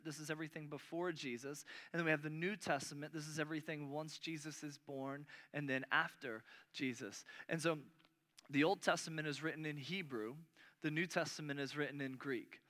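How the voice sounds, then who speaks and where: A man's voice: fairly high pitch, sharp tone. A man preaching a sermon to a congregation in a conversational style, often restarting words and lifting his voice on key points. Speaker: pastor.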